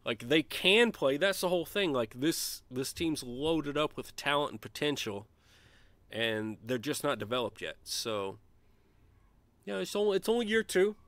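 A man streaming a college basketball management game, chatting casually and shouting gleeful trash talk when his team wins. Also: fairly high pitch, very animated, measured pace, no room sound. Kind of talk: let's play commentary.

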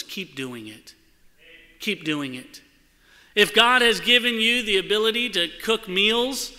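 Bright high-voiced man preaching in hall. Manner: animated storytelling, acts out quoted voices. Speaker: church speaker. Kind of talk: sermon with personal story. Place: church sanctuary. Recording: church hall with long reverb.

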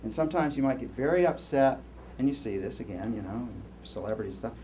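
A man giving a university lecture, rambling and animated, with many restarts and asides to the class. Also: mid-range voice, quick pace, a little hiss or hum. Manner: animated, rambling, lots of self-interruptions. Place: lecture hall.

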